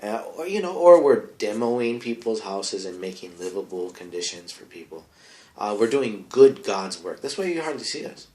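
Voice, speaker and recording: A man's voice: low voice, echoey room. A man doing a rambling comic monologue as an advice-show persona, bro-ish in manner and trailing off into mumbled asides.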